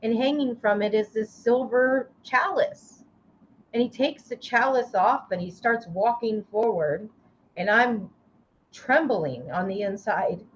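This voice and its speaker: Woman guest, life coach type, emotional personal storytelling, slightly muffled lo-fi recording. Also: a little high. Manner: intense, emotional retelling with halting restarts. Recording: slightly dull, lo-fi sound with faint noise.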